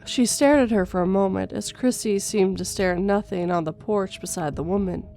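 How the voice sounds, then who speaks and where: A woman reading a first-person horror story in a steady storytelling voice, going gentle for a mother's lines. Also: medium pitch, moderate pace. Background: faint music.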